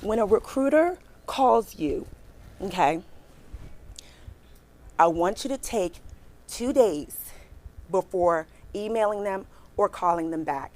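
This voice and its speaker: A woman in her forties giving a lively career talk to a live audience, chatty and animated, talking straight to the crowd and acting out her own reactions as she tells a story. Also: mid-range voice, takes it slowly, pauses often. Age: 40s.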